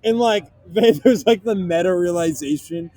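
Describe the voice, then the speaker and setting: A man's voice: high-pitched, measured pace, mellow, dry recording. A young man co-hosting a casual chat outdoors, telling stories with lots of laughs and filler words. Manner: laid-back storytelling with frequent laughs and "like" fillers. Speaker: podcast co-host. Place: outdoor park basketball courts.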